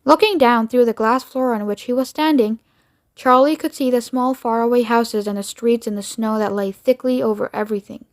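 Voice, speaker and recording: A woman's voice: fairly high pitch, steady tone, moderate pace. Woman reading a storybook aloud. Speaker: reader. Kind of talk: read-aloud storybook narration.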